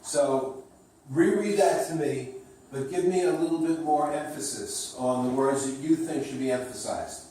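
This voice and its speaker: A man's voice: fairly high pitch, moderate pace, warm tone. A man coaching a trainee through a sales script, encouraging and instructive, with some joking. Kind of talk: coaching a role-play reading. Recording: echoey room, distant mic, faint ambience.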